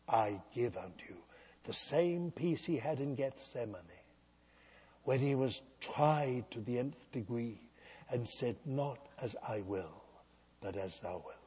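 A man delivers a sermon as a slow, unhurried story, his husky voice rising and falling in pitch. He swings from loud declarations to near-quiet asides. A long hall reverb trails every phrase. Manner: storytelling, slow and emphatic with big swings in loudness. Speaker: preacher.

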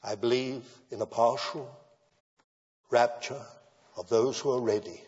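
A man preaching a sermon in a measured style that builds to emphatic declarations. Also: mid-range voice, darkish tone, slightly rough. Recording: dull lo-fi sound with long hall reverb.

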